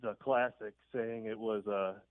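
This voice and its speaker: A man's voice: on the low side, fairly even intonation, a little slow, dry recording. Man telling a story over a tinny phone line. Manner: rambling, chuckling storyteller with many fillers. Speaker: caller. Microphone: telephone.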